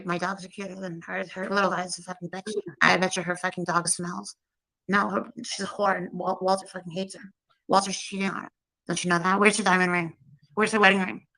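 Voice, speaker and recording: A woman's voice: on the low side, bright, forceful tone, dry recording, rough recording. A woman doing a mocking impression of a spiteful, foul-mouthed, bragging female streamer. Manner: crude, swearing constantly, taunting.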